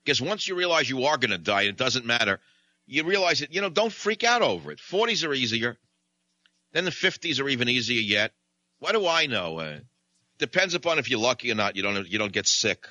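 A man's voice: mid-range voice, sing-song, brisk, bright, forceful tone, no room sound. A man hosting a talk show, telling a comic, rambling anecdote into a studio microphone. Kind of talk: comic storytelling monologue.

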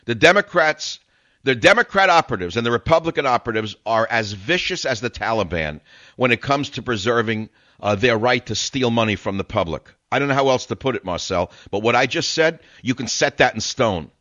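An older man hosts a radio call-in show in an insistent, sermon-like way, stacking repeated phrases to hammer his point home. His voice sits at an ordinary male pitch. It is recorded dry and close, with a slightly dull tone. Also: lively intonation, a little fast, pushed and bright, no room sound. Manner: emphatic, preachy, repeats phrases for effect. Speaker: radio talk show host. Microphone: studio broadcast mic.

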